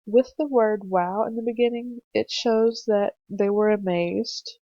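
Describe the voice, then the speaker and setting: A woman's voice: medium pitch, dark tone, no echo. Young woman explaining a lesson patiently. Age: young adult. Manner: slow, patient explaining with fillers. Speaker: student teacher presenting a lesson. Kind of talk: narrated screencast lesson for children. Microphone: computer mic for a screencast. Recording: dry, slightly dull home mic recording.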